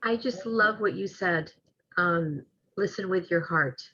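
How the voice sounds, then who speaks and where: A woman's voice: on the low side, a little slow, pushed and bright, breathy edge, lo-fi sound. A woman hosting a webinar speaker series who thanks the speakers and makes announcements over a video call, with frequent "um"s.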